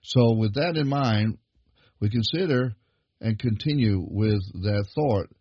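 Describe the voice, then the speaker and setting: A low, husky-voiced man preaching a sermon, pressing his points with rising emphasis. The sound is dry and close, with a dull, lo-fi quality to the recording. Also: slow, no room sound. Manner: emphatic preaching, building in pitch and force.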